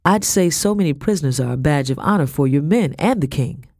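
Man reading as smug wealthy merchant, measured, dry close sound. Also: on the high side, expressive, a little mellow, no echo.

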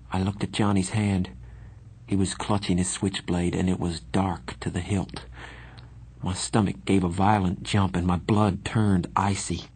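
A man narrates a first-person story in a measured, even manner. His voice is low and husky. The reading is steady. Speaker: audiobook narrator.

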